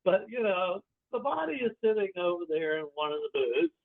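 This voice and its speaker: A man playing a tabletop game who thinks out loud with an eager manner. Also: high voice, big pitch swings, a little fast. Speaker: player. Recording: tinny phone-like line.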